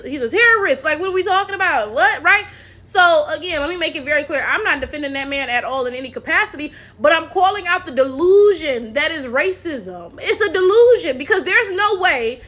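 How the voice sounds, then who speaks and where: A woman's voice: high-pitched, bright, forceful tone. A young woman, giving emphatic casual commentary straight to her viewers. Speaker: commentary video host.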